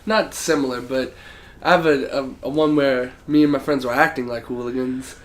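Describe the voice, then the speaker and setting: This young man speaks at medium pitch and normal speed with fairly even intonation. Co-hosting a podcast, he tells a story in a relaxed, profane style, laughing along the way.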